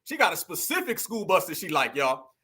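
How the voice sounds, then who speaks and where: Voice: medium pitch, big pitch swings, a little fast, pushed and bright, slightly rough. A host giving heated, exclamatory commentary and calling the viewers family and y'all.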